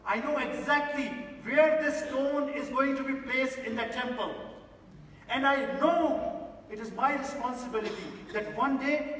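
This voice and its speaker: A man's voice: extremely high pitch, a bit bright, far from the mic, slight background noise. A man giving an inspirational stage talk, telling a story and speaking emphatically to the audience, from a large theatre stage. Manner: emphatic, addresses the audience directly. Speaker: motivational speaker. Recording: echoey theatre hall from afar.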